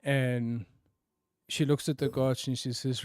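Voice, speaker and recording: A man narrating a tabletop game as game master, often sinking to hushed tones for dramatic moments. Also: medium pitch, little pitch movement, measured pace, smooth, dry recording, studio quality, faint music behind.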